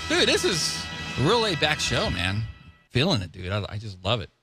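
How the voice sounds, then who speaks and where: A man's voice: medium pitch, wildly swooping pitch, normal speed, over music. A man hosting a casual radio talk show, laid-back and jokey, calling people dude and man. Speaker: host.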